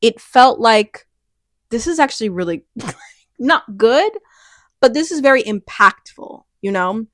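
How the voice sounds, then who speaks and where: A young woman chatting casually about a TV finale, animated and rambling, laughing often and restarting her thoughts. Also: on the high side, unhurried, pauses often, no room sound, clean studio sound. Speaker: youtuber reviewing a TV finale. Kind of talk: casual chat.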